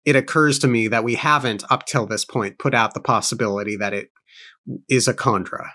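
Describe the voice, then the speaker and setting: A man's voice: mid-range voice, brisk, pushed and bright. A man co-hosting a book-club podcast, reading aloud and musing in a thoughtful, self-correcting way. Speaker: podcast co-host.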